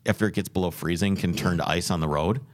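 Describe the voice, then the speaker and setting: A man's voice: low-pitched, fast. A man on a podcast telling a long road trip story, rambling and earnest with many restarts. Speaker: podcast host. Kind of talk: casual podcast chat.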